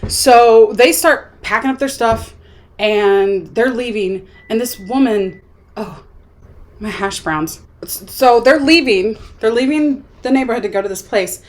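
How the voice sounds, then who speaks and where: A woman's voice: a little high, measured pace. A young woman vlogging a casual movie review, rambling and chatty with lots of filler words. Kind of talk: casual chat.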